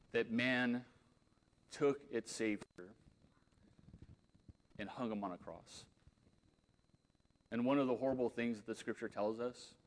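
A man preaching a sermon in an earnest tone, moving between loud emphatic lines and quiet, intense ones. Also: fairly low pitch. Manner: leads a closing prayer.

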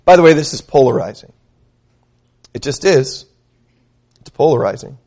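A man's voice: mid-range voice, lively intonation, a little mellow. A male pastor preaching a sermon, emphatic, asking his listeners questions and reading scripture aloud. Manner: emphatic, asks the congregation questions; reads scripture aloud slowly.

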